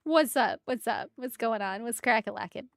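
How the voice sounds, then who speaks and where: A woman's voice: fairly high pitch, normal speed, gravelly, no room sound. A woman streamer chatting casually with her viewers while drawing emotes, giggling often and calling out exclamations. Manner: giggly and exclamatory, talks to chat.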